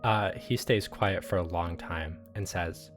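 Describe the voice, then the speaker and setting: A man's voice: low voice, unhurried, music in the background. A man narrating a tabletop game as game master, casual and hesitant with many fillers.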